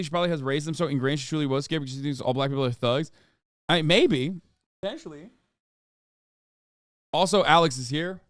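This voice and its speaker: A man in his thirties streaming, reacting to a video in casual, profane, animated commentary. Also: fairly high pitch, clear, resonant tone, no room sound, studio quality. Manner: profane, animated, repeats "okay?" often.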